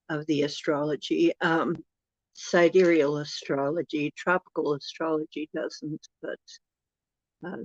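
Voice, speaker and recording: A woman's voice: deep voice, no room sound, highs cut off. A woman hosting a casual livestream, chatty and rambling, often laughing and correcting herself. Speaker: livestream host.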